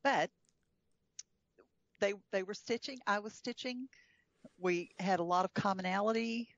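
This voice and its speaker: A woman's voice: mid-range voice, a little slow, dry recording, lo-fi sound. A woman guest telling a travel story in casual chat, chatty with frequent fillers and laughs. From United States.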